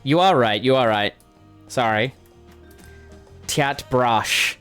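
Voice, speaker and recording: A man playing through a game and commenting casually, with excitable, gushing exclamations. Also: mid-range voice, takes it slowly, clear, resonant tone. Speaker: gamer streamer. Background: game music.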